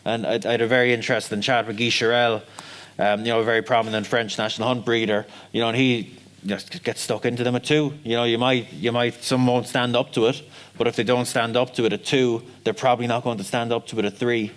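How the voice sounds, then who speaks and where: Male panelist, mid-pitched, chatty with fillers. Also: little pitch movement, quick pace, a bit bright. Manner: conversational, frequent "you know" fillers. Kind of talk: seminar panel discussion.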